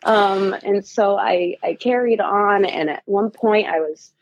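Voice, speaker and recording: A woman telling a race story in casual chat, animated and laughing, acting out quotes. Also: medium pitch, measured pace, dry recording, lo-fi sound. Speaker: guest runner.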